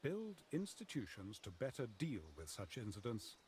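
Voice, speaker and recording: A man voicing a calm city advisor in a video game who gives measured, informative warnings. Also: medium pitch, slight background noise, close to an everyday voice. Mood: advising.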